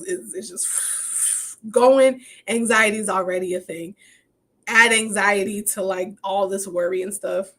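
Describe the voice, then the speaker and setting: A woman host opens up on her podcast in a frank, heartfelt way, her voice sitting at an ordinary middle pitch. She laughs often between thoughts and leans on her faith as she talks. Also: fairly bright tone. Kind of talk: candid personal talk. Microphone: podcast mic.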